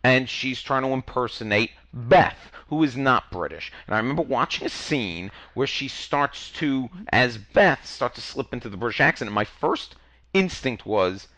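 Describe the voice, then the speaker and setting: Eager guy co-hosting a tv chat, bright punchy voice, dry close sound, keeps stumbling and swearing. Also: medium pitch, animated, moderate pace, no room sound. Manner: enthusiastic, swears, stumbles and restarts. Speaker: podcast co-host. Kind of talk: casual chat about TV and movies.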